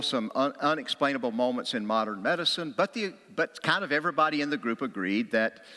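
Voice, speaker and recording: A middle-aged man preaching a sermon as a pastor, telling stories and acting out quotes with a raised voice or a whisper. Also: medium pitch. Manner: animated storytelling, acts out quotes with a raised voice or a whisper. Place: church sanctuary. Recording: long hall reverb.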